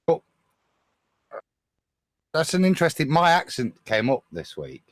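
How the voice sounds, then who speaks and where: A man's voice: a little high, wildly swooping pitch, unhurried, dry recording. A man from the English Midlands, speaking with a Midlands accent that drops the H's, musing casually as a panel guest. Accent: English Midlands, drops his H's. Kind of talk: casual online panel chat.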